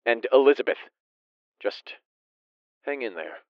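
A deep-voiced, urgent man barks orders through an earpiece in a storybook, as a woman narrator puts him on. His voice swings widely in pitch and sounds dull and lo-fi, close and dry. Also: lively intonation, measured pace, no room sound.

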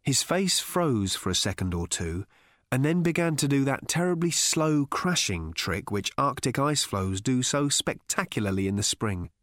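A male audiobook narrator with a measured, deadpan delivery in a mid-range voice. His pitch moves in lively swings, and the recording is dry and close with no room sound. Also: dry recording.

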